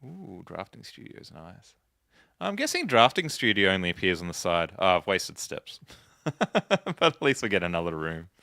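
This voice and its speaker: A man's voice: deep voice, big pitch swings, moderate pace, vocal fry, sharp tone, no echo. A man giving casual gameplay commentary, chatting and musing aloud to himself as he plays. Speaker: let's play host.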